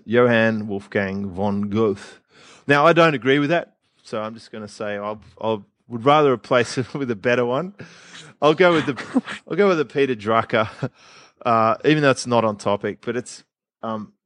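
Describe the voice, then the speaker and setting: A man co-hosting a podcast in casual, blunt chat, laughing often and trailing off into quiet asides. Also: medium pitch, no echo. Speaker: podcast co-host.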